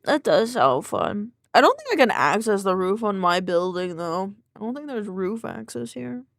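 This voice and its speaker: Young woman, streamer, sleepy casual chat, mid-pitched, dry close sound. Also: big pitch swings, moderate pace, vocal fry, no echo. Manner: sleepy, laid-back, chatting while counting exercise reps.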